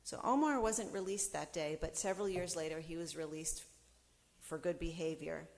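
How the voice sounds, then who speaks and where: A middle-aged woman from the United States giving a storytelling talk, animated and acting out the people she quotes. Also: lowish voice, normal speed, in a large hall. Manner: animated storyteller who acts out quoted voices. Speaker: speaker.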